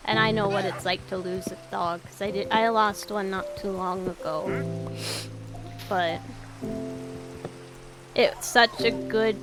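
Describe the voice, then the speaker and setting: A woman rambling over gameplay in a loose, casual vlog, her voice sounding raw and worn out. She drifts between thoughts, trails off and swears offhandedly, at a middling pitch for a woman. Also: fairly even intonation, slow pace, pauses often, loud music behind the voice. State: raw, tired voice. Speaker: gaming YouTuber.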